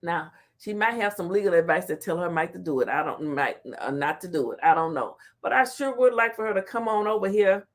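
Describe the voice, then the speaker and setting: A woman's voice: lowish voice, brisk, hardly any pauses. A woman hosting a casual livestream, reading the chat aloud and laughing often. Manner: animated, laughs often, talks back to chat. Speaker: talk show host reading live chat.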